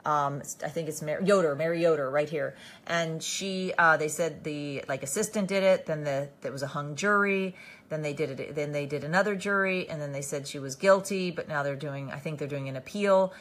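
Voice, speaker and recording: A woman's voice: low voice, normal speed. A woman hosting a casual live stream, tired, reading out viewer comments and answering them by name with many fillers and restarts.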